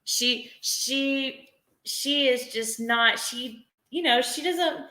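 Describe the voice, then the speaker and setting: A woman rambles through a casual live-stream chat, emotional and quick to laugh. Her voice is bright and sharp, and she takes her time. The room gives it a roomy echo. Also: high voice. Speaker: livestreamer.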